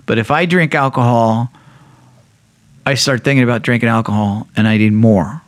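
A middle-aged man tells a personal story in loose, casual speech. He swears freely and acts out the lines of the people in it. His voice sits at an ordinary pitch and sounds dry and close. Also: normal speed, no room sound. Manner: profane, animated storyteller acting out quotes. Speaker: podcast guest sharing recovery story.

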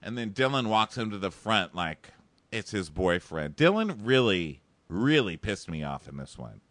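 A man's voice: lowish voice, normal speed, no room sound. A man in casual chat, recapping a TV show with lots of laughter and acted-out voices. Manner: animated, laughs often, acts out the people he describes.

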